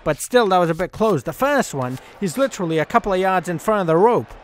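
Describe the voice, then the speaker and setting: A man's voice: high-pitched, lively intonation, fast talker. A man giving casual, exasperated gameplay commentary, swearing and cracking jokes. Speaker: gaming YouTuber. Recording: loud game crowd and noise behind. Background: game crowd and ambience.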